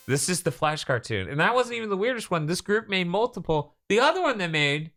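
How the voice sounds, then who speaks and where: A man's voice: high voice, very animated, normal speed, a bit bright, soft background music. A man hosting a casual podcast, telling stories animatedly and swearing casually. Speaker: podcast host. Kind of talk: casual chat.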